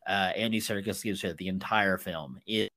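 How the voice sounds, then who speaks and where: A man's voice: low-pitched, fairly even intonation, normal speed, sharp tone, no echo, clean studio sound. A man co-hosting a casual film discussion podcast, enthusiastic and rambling as he talks through scenes. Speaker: podcast co-host.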